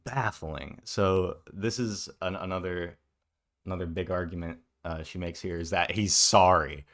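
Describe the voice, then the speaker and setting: A man with a very low, deep voice talks through a video he is reacting to. He is blunt and scornful and throws in sarcastic jabs. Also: fairly even intonation, normal speed. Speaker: commentary youtuber.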